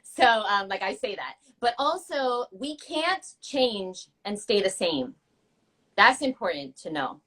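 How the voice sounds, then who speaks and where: A woman's voice: mid-range voice, expressive, slow, fairly bright tone. A woman co-hosting a casual chat show, gushing and playful as she talks. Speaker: co-host.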